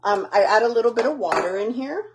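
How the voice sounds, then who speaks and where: A woman's voice: a little high, animated, fast, background noise. A woman chatting casually as she walks through a home recipe, rambling and teasing herself with lots of fillers. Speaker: home cook vlogger. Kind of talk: casual cooking tutorial.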